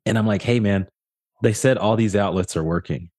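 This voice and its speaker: Animated male podcast co-host, dry sound. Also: lowish voice, fairly quick, no room sound. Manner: animated storyteller, often mimics others with a raised voice. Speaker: podcast co-host, real estate agent. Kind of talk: casual podcast storytelling.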